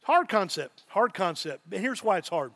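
High voiced pastor guy, middle-aged, preaching hard, repeats himself for emphasis. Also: very animated, moderate pace, fairly bright tone. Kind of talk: sermon.

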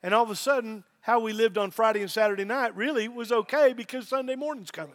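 A man's voice: very high-pitched, steady tone, fast, hardly any pauses, a bit bright. A middle-aged man, a pastor, preaching a sermon with emphasis and repeated phrases.

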